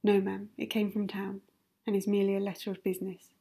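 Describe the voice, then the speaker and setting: A woman's voice: medium pitch, monotone, quick pace, gravelly, dark tone, husky. A woman voicing a reserved, grave middle-aged colonel who speaks formally and with restraint, in a whispered role-play. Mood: restrained.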